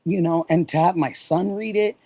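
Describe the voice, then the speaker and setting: A middle-aged woman from Oregon hosting a casual livestream, warmly thanking viewers and answering chat messages. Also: lowish voice, fairly even intonation, moderate pace, rough recording. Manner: warm, gushing, reads and answers chat messages. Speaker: livestream host.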